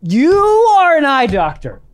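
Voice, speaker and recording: A young man co-hosting a comedy podcast, his pitch jumping all over as he talks. He rants in exasperation and mocks others with quick quoted voices. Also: big pitch swings. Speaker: podcast co-host. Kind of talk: crude comedic banter.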